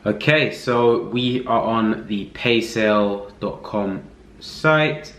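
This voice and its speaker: Lowish-voiced man in a roomy echo. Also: takes it slowly. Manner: relaxed, thinking aloud with many fillers. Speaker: affiliate marketing reviewer. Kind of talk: casual screen-recorded walkthrough.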